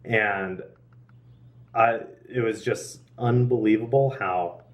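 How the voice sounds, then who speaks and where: Fairly low and fairly even, this young man's voice moves slowly as he earnestly recounts his faith journey in a relaxed way. The mic is distant with slight background noise, and he laughs a lot, restarting and using fillers frequently.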